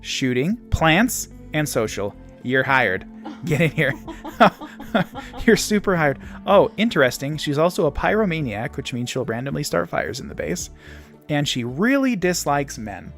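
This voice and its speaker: A man's voice: on the high side, big pitch swings, normal speed, a bit bright, soft background music. A young man casually commenting on a strategy game he plays at home, reading game events aloud in a playful way. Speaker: game streamer.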